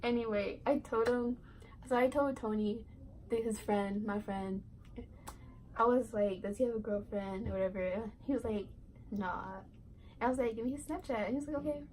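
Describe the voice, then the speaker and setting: A woman's voice: a little high, normal speed, a little mellow, slight background noise, poor audio. A teenage girl vlogger telling a casual storytime, rambling and giggly, full of "like" and "right". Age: teens.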